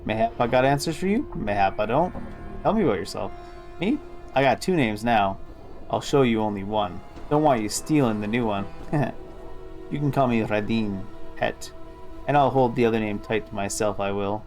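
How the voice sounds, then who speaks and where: A man's voice: on the low side, lively intonation, normal speed, darkish tone, soft background music, natural voice. A man voicing a sly, wheedling male street scavenger in a video game, folksy and calling people pet and dearie.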